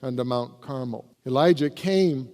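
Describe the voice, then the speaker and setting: A man's voice: mid-range voice, a little slow, darkish tone. A man, the pastor, preaching a sermon and reading scripture aloud with rising emphasis. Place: church sanctuary. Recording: reverberant church hall.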